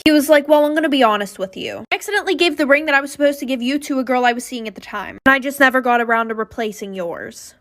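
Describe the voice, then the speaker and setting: A woman telling a personal story in an animated way, voicing the quoted lines. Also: sits high, very fast, few pauses. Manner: animated retelling with voiced quotes. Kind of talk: storytime narration.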